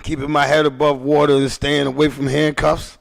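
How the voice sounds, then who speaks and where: Man, podcast host, rambling, emphatic, profane, high gravelly voice. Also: little pitch movement, fairly quick. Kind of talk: casual chat.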